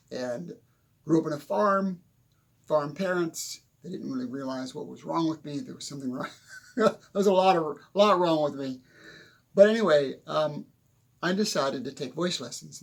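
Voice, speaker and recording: An older man with a gravelly, husky voice gives a loose motivational talk from a stuffy little room at home. He rambles, chuckles at himself and drifts into asides while sweating through it. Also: mid-range voice. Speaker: motivational speaker. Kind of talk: casual motivational monologue. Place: small home room, windows shut.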